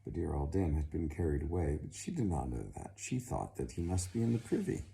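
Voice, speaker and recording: Male storyteller, deep voice, very dark tone, slow, animated pitch. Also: vocal fry, slight background noise. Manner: slow, dramatic, expressive. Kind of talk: storytelling narration.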